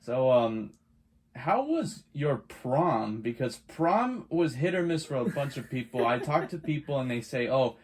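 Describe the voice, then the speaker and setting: A man's voice: medium pitch, very animated, a little slow. A young man co-hosting a podcast, chatting in an easygoing way, asking questions and laughing along. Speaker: podcast co-host. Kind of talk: casual chat.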